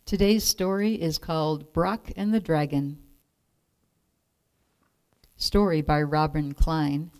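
A woman reading a children's storybook aloud in a clear, expressive way. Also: low-pitched, slow, pauses often.

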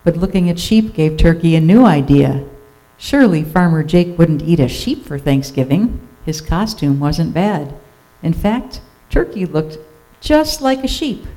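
Mellow, expressive storybook reader. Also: mid-range voice, unhurried, low-quality recording. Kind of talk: children's story read-aloud.

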